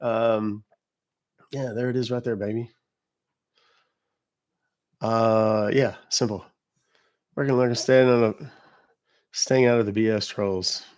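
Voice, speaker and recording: A man's voice: lowish voice, fairly even intonation, slow, pauses often, a little mellow. A man from the United States hosting a casual livestream, chatty and blunt as he answers viewers' chat comments. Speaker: livestream host.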